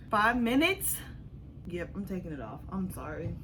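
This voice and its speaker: A woman's voice: medium pitch, big pitch swings, a little fast, background noise. A woman chatting nervously to herself and her viewers in a casual home vlog. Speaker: beauty vlogger. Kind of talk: casual self-talk vlog. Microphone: camera set up nearby.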